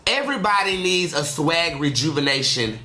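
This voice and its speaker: A young adult radio host talking casually and animatedly, with a voice that swoops widely in pitch. The tone is bright and forceful. Faint music plays underneath. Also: moderate pace. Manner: animated and chatty, punctuates with "okay?" and "honey". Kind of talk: casual monologue.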